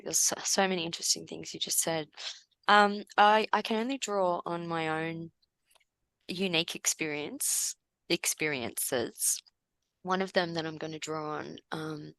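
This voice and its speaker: A woman talking as a podcast guest, slow and reflective, searching for words with frequent fillers. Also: low-pitched, bright, forceful tone, poor audio. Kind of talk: reflective conversational interview.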